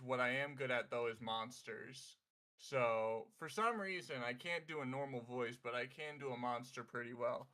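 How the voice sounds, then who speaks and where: A man casually introducing himself as a voice actor and game master, halting with many fillers and swearing. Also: medium pitch, sharp tone.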